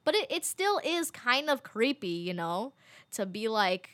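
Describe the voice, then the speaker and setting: Chatty young woman with a bright voice. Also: high voice, normal speed. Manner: chatty, filler-heavy, animated quoting. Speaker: storyteller. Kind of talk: casual storytelling.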